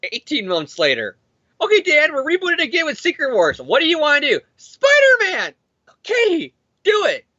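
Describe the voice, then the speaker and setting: A man's voice: extremely high pitch, wildly swooping pitch, moderate pace, bright, forceful tone, no echo, voice pushed up, heavily acted. A man voicing a pushy, dismissive male comics editor in a mocking, sing-song way. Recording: dull dry lo-fi mic.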